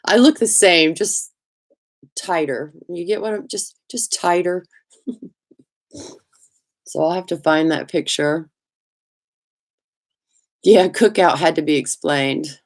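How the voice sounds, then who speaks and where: A woman's voice: low-pitched, takes it slowly, pauses often. Chatty Southern woman on a livestream. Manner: chatty, laughs often, greets viewers by name. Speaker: livestream host. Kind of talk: casual live chat.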